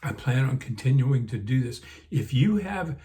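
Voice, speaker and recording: An older man speaking at a middle pitch, reminiscing in a relaxed, meandering way. He stops and restarts often, leans on "um" and "you know", and sounds a little sleepy, yawning between thoughts. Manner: rambling, unhurried, many fillers and restarts. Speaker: vlog host. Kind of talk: casual reminiscing.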